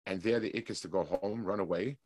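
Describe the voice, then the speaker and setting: This is a man with a low voice giving a weekly Torah lecture. He explains at a measured pace, stopping to restart his thoughts, then reads Hebrew passages quickly. The recording is dry and close, with no room echo. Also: a little mellow, slightly rough. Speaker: Torah class teacher.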